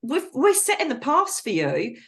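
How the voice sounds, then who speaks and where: Blunt, animated woman on a video call. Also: high voice, moderate pace. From Britain. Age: middle-aged. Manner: blunt, animated, with frank slang. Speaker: psychic medium guest. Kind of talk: casual interview chat.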